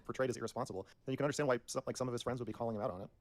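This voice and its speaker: Rapid-fire man arguing his point. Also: medium pitch. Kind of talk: casual voice-chat argument.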